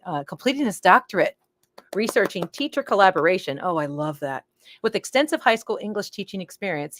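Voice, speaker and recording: A woman hosting a live-streamed education event, bubbly and excitable, introducing a guest speaker. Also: medium pitch, no echo. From Boston area. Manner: bubbly, excitable, laughs often. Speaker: event host.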